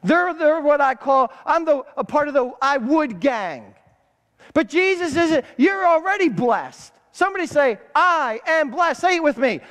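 A man's voice: very high-pitched, big pitch swings, normal speed, a bit bright. A man preaching a sermon as pastor, calling for responses from the congregation and repeating words for emphasis. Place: church sanctuary. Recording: church hall reverb.

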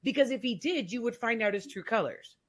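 A woman's voice: on the high side, lively intonation, fairly quick, slightly rough. A woman guest on a podcast, telling her personal story in a candid, emphatic, casual way, with frequent "like" fillers.

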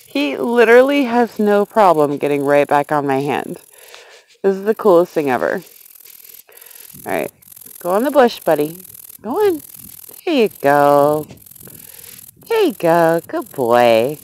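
Giggly, excited woman vlogging outdoors. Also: lowish voice, unhurried, pauses often, poor audio. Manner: gushing, giggly, talks to a grasshopper. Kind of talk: excited casual vlog. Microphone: handheld phone camera.

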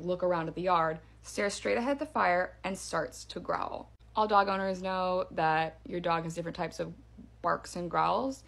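A woman casually telling a spooky story in a clip, with hushed delivery and drawn-out pauses for suspense. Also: lowish voice, creaky. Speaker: storyteller in a social video clip.

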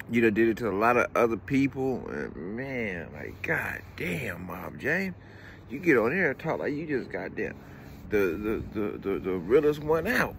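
A man's voice: mid-range voice, a little hiss or hum. A man ranting casually as a commentary vlogger, heated and profane, tagging lines with "man". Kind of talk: casual rant.

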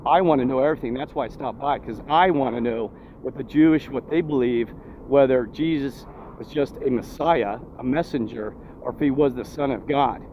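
A man's voice: mid-range voice, normal speed. A man vlogging outdoors near a road, indignant and preachy, firing off rhetorical questions. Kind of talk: agitated street vlog monologue. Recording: dull lo-fi phone audio, faint traffic.

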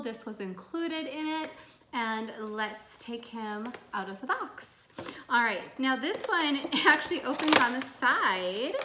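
Bright-voiced woman gushing over her collection. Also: a little high, a little hiss or hum. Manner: gushing, sentimental, laughs often. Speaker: collector vlogger. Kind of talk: casual show-and-tell vlog. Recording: roomy room echo.

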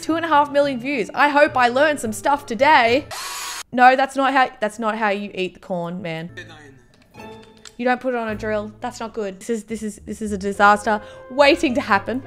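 A young woman doing chatty, mock-dramatic reaction commentary as a YouTuber. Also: medium pitch.

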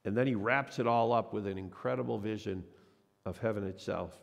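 Preaching in a church sanctuary, a pastor tells a personal story and acts out the voices of its characters, speaking briskly in a fairly low, creaky voice. Long church reverb fills the recording.

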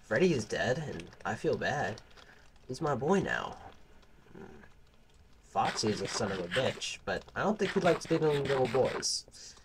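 A man's voice: medium pitch, big pitch swings, a little slow, long pauses, a little hiss or hum. A man giving casual, crude, rambling gameplay commentary, joking with the game characters. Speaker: gaming channel host.

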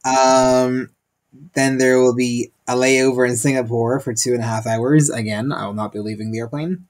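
A man's voice: medium pitch, steady tone, normal speed. Chatty, joking man. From Ireland. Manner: jokey, rambling, laughs often. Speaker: podcast co-host. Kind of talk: casual chat.

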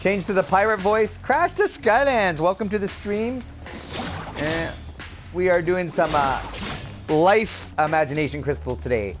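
A man's voice: high-pitched, measured pace, music in the background. A man from Canada chatting upbeat with viewers as a gaming streamer, laughing often. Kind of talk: casual let's-play commentary.

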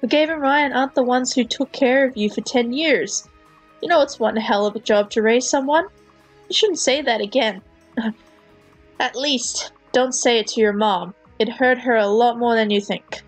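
Steady fatherly ranger guy, woman reading him, kinda high voiced, light music under it. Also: normal speed, lightly acted, rough recording. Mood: gentle. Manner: steady, reassuring, mildly scolding. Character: calm adult male park ranger, fatherly. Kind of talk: reading a fan comic aloud with voices.

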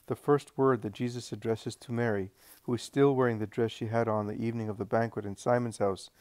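A man reading a devotional story aloud in a calm, unhurried way, with the odd slip and restart. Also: on the low side, no echo. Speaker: audiobook reader. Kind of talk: devotional scripture-style reading.

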